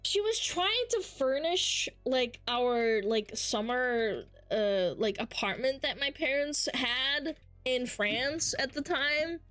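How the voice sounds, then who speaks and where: A young adult woman streaming, telling stories in casual chat with lots of swearing and an animated, chatty way of talking. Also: high voice, slow pace, few pauses, soft background music. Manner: profane, animated storytelling.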